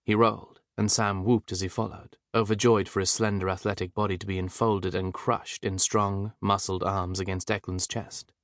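Low-voiced male audiobook narrator. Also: dry recording, studio quality. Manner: measured, even storytelling.

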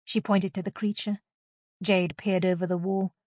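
A woman narrates a fantasy audiobook in a steady, expressive reading. Her voice sits at a middle pitch, and the recording is close and dry with no room sound. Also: moderate pace, dry recording.

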